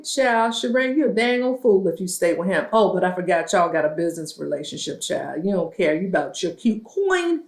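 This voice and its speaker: A woman giving a casual, sassy recap of a reality show, gossiping and acting out what the cast said. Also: fairly high pitch. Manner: sassy, gossipy, acts out quotes in shifting voices. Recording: roomy echo.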